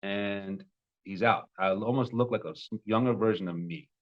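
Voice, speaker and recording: A man in his twenties, a love coach, telling a personal story with animated, emotional bursts. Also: lowish voice, normal speed, lo-fi sound. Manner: emotional, animated retelling with sudden loud peaks.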